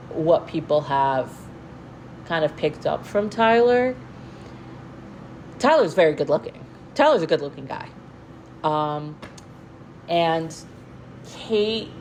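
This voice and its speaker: A woman's voice: deep voice, darkish tone, slight background noise, low-quality recording. A young woman giving casual, profane gossip commentary, full of fillers and restarts. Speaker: commentary vlogger.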